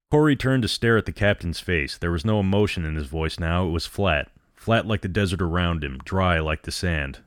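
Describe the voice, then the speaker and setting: A man reading a dramatic story aloud in a measured, grave way. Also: low voice, no echo, clean studio sound. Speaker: narrator.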